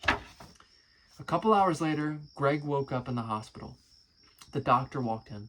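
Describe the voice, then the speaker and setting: A man's voice: medium pitch, measured pace, long pauses, fairly bright tone, slight background noise, rough recording. A man casually reading aloud and commenting, amused and chatty, swearing now and then. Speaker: musician and video creator.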